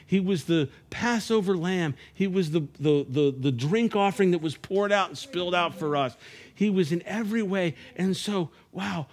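A man preaching a sermon as pastor, in an earnest style, repeating words as he searches for phrasing and sinking low and soft at the ends of phrases.

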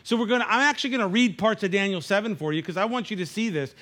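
A man's voice: sits high, rapid-fire, fairly bright tone. A man preaching a conversational sermon, acting out the dialogue of the figures in the story. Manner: conversational preaching, acts out dialogue, frequent restarts. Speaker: pastor.

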